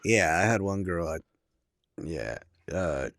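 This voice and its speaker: A man's voice: low-pitched, animated, slow, a bit bright, dry recording, clean studio sound. A man talking as a podcast guest, blunt and profane, rambling in casual chat.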